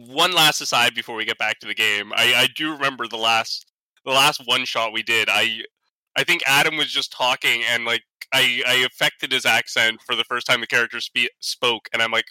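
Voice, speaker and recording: A man's voice: medium pitch, normal speed, bright, forceful tone, no room sound, rough recording. A man playing a tabletop game, chatting casually in a rambling way full of fillers. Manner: rambling, lots of fillers and laughs. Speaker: player.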